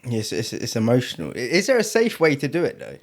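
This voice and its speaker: A podcast host whose voice rises and falls a lot. He trades crude, slangy jokes in a relaxed conversation. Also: medium pitch, fast talker. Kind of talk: casual podcast chat.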